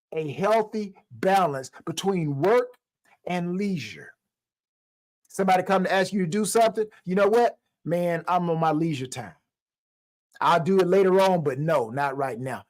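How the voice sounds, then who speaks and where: A man with a fairly high voice delivers a motivational talk on mental health. He is animated and preacher-like and repeats key lines for emphasis. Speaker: motivational speaker.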